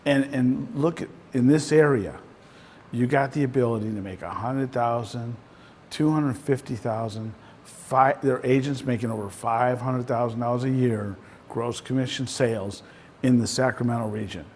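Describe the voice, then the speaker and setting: A man's voice: medium pitch, normal speed, darkish tone, slight background noise. A man in the role of a real estate coach, giving a casual, conversational talk to a small group and often ending points with "right?". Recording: voice in a reverberant room.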